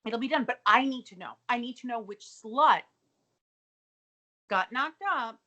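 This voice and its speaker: A woman co-hosting a comedy podcast, recapping a TV episode in casual, profane, animated chat. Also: on the high side, unhurried, long pauses. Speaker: podcast co-host.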